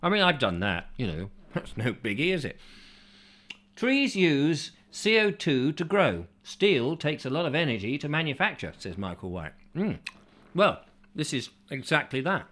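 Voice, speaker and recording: Male host, comic rambling delivery, rhetorical asides, very animated pitch. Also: a little slow. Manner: jokey, rhetorical questions, mock-confused asides. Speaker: show host reading viewer comments.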